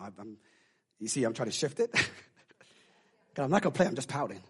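Husky-voiced preaching pastor. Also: male voice, mid-range voice, very animated, moderate pace. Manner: emotional, swings from hushed confiding to loud preaching. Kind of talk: sermon. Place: church.

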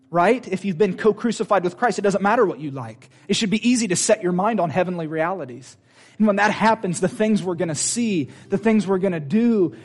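A man's voice: high voice, expressive, moderate pace. A man preaching a sermon in church, fervent and emphatic, repeating his lines for force. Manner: fervent, emphatic, repetitive exhortation.

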